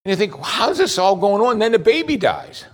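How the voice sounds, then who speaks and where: A man delivering a sermon with a lot of movement in his voice. He climbs high and loud on dramatic moments, then sinks low and slow when he reads scripture. He puts direct questions to his listeners. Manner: animated preaching, rising loud on high points, dropping low and slow for scripture. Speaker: pastor.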